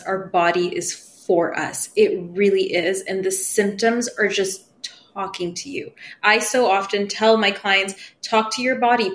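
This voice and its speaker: A woman who works as a spiritual medium, talking as a podcast guest in a casual, expressive way, acting out her own inner dialogue and swearing casually. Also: medium pitch.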